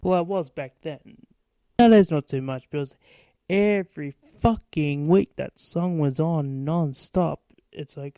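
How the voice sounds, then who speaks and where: A man's voice: on the high side, measured pace, dark tone, dry recording, low-quality recording. A man in his late twenties hosting a podcast, rambling through stories in a casual monologue full of swearing. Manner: profane, rambling storytelling. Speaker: podcast host.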